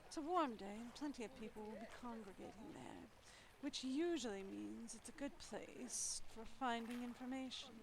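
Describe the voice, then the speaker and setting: A woman's voice: a little high, moderate pace, hardly any pauses, crowd noise, rough recording. Playful young woman narrating a story game. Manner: playful, wry asides. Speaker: streamer. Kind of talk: reading a story game aloud with commentary.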